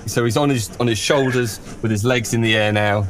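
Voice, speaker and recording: A man narrating as game master in a tabletop game, halting and full of restarts. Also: medium pitch, fairly even intonation. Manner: halting, lots of fillers and restarts.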